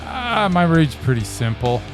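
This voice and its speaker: A man's voice: on the high side, big pitch swings, a little slow, over music. Playful rambling man on a podcast. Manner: rambling, playful, restarts a lot. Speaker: podcast co-host. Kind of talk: casual movie-review banter.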